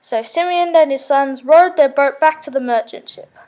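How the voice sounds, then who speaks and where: A woman's voice: high voice, normal speed, a little mellow. A woman reading a children's story aloud, with small slips and self-corrections.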